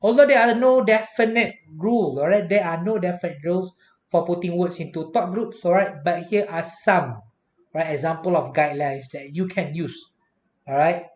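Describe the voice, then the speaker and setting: A man's voice: high-pitched, normal speed, roomy sound. A man giving a recorded university lecture, patiently explaining and saying "all right" after nearly every point.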